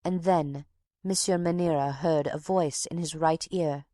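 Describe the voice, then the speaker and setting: A woman's voice: low voice, fairly even intonation, measured pace, warm tone, no room sound, clean studio sound. A woman reading an audiobook, voicing a talkative older woman box-keeper who tells her tale with drama and takes offence easily. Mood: gossiping. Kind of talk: audiobook character voice.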